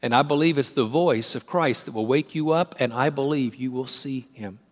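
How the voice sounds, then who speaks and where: A man preaching a sermon, emphatic and repetitive, swinging between rising fervor and quiet, hushed moments. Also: mid-range voice, normal speed. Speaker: pastor.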